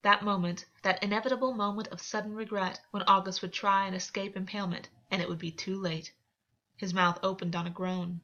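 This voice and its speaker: A woman narrates a novel in a steady, measured way. Her voice sits in a middle pitch range. The recording is slightly muffled and lo-fi. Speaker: audiobook narrator. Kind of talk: scripted fiction narration.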